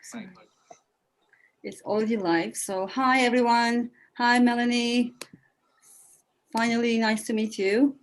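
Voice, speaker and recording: A woman's voice: fairly high pitch, fairly even intonation, unhurried, pauses often, poor audio. A woman organizing an online memorial gathering, friendly and a little self-deprecating. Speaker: event organizer. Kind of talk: casual online meeting chat. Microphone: video call.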